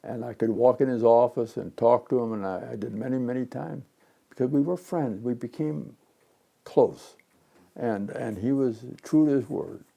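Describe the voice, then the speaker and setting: A man in his nineties from Chicago, an interviewee and retired pinball designer telling memories in a rambling, animated way, acting out the voices of people in his stories. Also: medium pitch, normal speed, gravelly. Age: 90s. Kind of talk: reminiscing storytelling.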